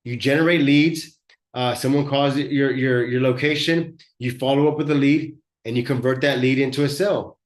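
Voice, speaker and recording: In an echoey room, a man with a mid-range, fairly even voice speaks at a moderate pace while hosting a live business workshop. He's an auto body shop owner who coaches fellow shop owners bluntly and conversationally, frequently repeating his words.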